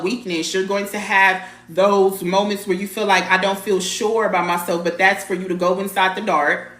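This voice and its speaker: A woman's voice: mid-range voice, fairly bright tone. Blunt, repetitive woman in a roomy space. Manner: blunt, emphatic, repeats phrases, mild swearing; chats to viewers by name. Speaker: spiritual reader hosting a live stream. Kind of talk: casual live-stream spiritual teaching.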